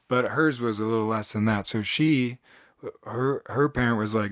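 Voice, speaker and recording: Low-voiced man rambling through a storytime. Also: fairly even intonation, fast talker, fairly bright tone, dry recording, studio quality. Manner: rambling, self-mocking, acts out quotes. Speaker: storytelling vlogger. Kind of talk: casual storytime.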